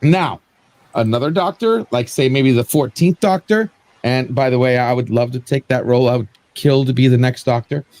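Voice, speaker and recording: A man, a panelist on a live-stream show, giving a rambling, animated rant full of restarts and repeated words. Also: mid-range voice, moderate pace, dry recording.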